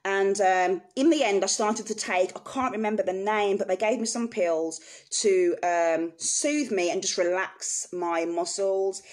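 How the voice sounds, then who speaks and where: A woman's voice: mid-range voice, unhurried, a little mellow. Earnest woman telling her story. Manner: earnest and emotional, speaks frankly to viewers. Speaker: vlogger sharing personal experience. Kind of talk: candid personal storytelling to camera.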